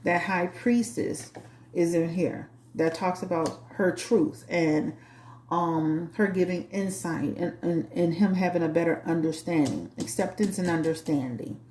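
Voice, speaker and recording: A woman's voice: on the low side, unhurried, darkish tone, reverberant, a little hiss or hum. A woman with a New Orleans accent, a tarot reader hosting her channel, chatting bluntly and sassily to a live chat. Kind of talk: casual talk to a live chat.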